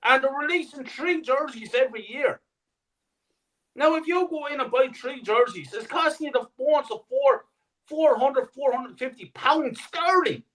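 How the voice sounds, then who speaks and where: A man's voice: very high-pitched, expressive, normal speed, fairly bright tone, rough recording. A man talking as a guest on a fan podcast, indignant and sweary, with emphatic points. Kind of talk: podcast discussion.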